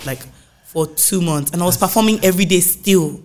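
A young woman with a Nigerian accent, a singer chatting as a podcast guest, animated and full of filler words. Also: lowish voice, moderate pace. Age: young adult. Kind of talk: casual interview chat.

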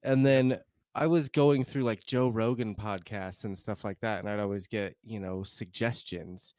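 A man's voice: on the low side, steady tone, normal speed, darkish tone, no echo. Male podcast guest, casual and upbeat; dry mic. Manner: upbeat, complimentary.

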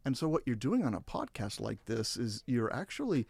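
A man speaking as a guest counselor on a podcast, giving relationship advice and acting out quoted voices with big jumps in pitch. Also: big pitch swings, moderate pace, creaky, a little mellow, slightly rough, dry recording.

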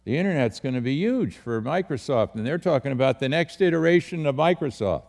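Pastor guy, gravelly voice, quizzing a small group, keeps repeating his points. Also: mid-range voice, lively intonation, fairly quick, darkish tone. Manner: direct, questioning, repeats key words. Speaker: pastor leading a leadership training. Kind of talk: teaching talk to a small group.

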